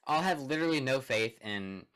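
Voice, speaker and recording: A man's voice: mid-range voice, lively intonation, normal speed, crowd noise. A young man co-hosting a sports podcast in casual chat, running the segments and laughing along. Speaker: podcast co-host.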